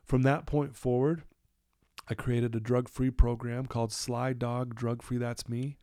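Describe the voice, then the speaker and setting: A middle-aged man, a podcast guest telling his story in an animated way and acting out his own quoted lines. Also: medium pitch, measured pace, no echo, studio quality. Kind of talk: storytelling in a conversational interview.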